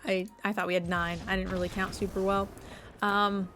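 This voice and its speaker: A woman's voice: medium pitch, flat delivery, normal speed, a bit bright, soft background music. A woman streamer giving gameplay commentary, thinking aloud and playfully exasperated as she plays.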